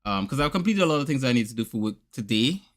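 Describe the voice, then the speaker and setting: A man's voice: medium pitch, fast. A man hosting a podcast, chatting casually and acting out voices as he tells stories about his day. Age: adult father of young boys. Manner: animated storyteller, acts out voices in anecdotes. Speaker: podcast host. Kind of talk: casual chat.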